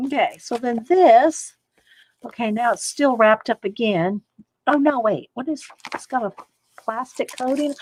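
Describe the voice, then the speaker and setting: A woman's voice: sits high, a little hiss or hum, rough recording. A woman casually chatting through an art supply haul, rambling, reading viewer comments aloud and laughing a little. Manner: frequent fillers and little laughs. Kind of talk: casual live-stream chat.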